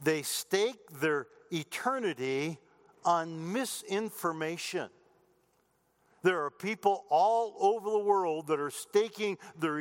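A man preaching a sermon as pastor, folksy and chatty, mixing jokes and asides into Bible teaching. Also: sits high. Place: church sanctuary. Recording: long reverb of a church hall.

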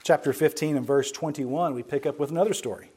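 A man giving a sermon-style Bible lesson, speaking emphatically and slowing down to stress key words, with conversational asides to his listeners. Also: fairly high pitch, mellow, breathy edge. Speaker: Bible teacher.

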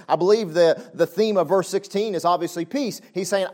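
A man preaching a sermon. He talks conversationally with frequent asides and swings between loud exclamations and soft, low passages. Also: lively intonation, a little fast, few pauses. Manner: conversational, with frequent "you know what I'm saying" asides. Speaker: pastor.

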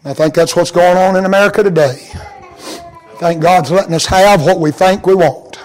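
A pastor preaching a sermon to his congregation, swinging from soft, intimate tones to high, chanted, fervent appeals. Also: normal speed, rough recording.

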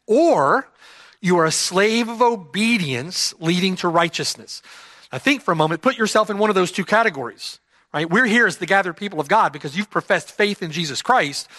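A man's voice: high voice, sharp tone, dry recording. A man preaching an expository sermon, emphatic and repeating key phrases for stress. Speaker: pastor.

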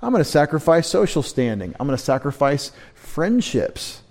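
A man, a pastor, preaching an earnest midweek sermon, slowing down to stress key words. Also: on the high side, sing-song, a little mellow. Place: church service.

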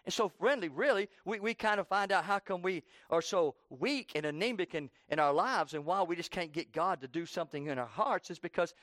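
A man preaching a sermon and praying aloud in church, moving from quiet pleading to loud impassioned cries and repeating phrases for emphasis. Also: high voice, brisk, few pauses, no echo, clean studio sound. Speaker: pastor. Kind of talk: sermon with spoken prayer. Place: church service.

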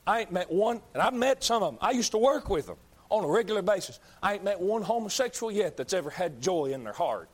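Man in the pulpit, high-pitched, fiery, repeats himself, builds to shouting. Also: very animated, a little fast, breathy edge. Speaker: preacher. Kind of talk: fiery sermon.

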